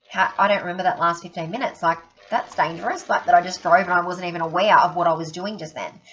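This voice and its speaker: A woman's voice: medium pitch, a bit bright. A woman giving a chatty training talk to fellow sales consultants, acting out the people in her stories. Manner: chatty storyteller, acts out quotes, many "okay?" asides. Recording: dull lo-fi recording.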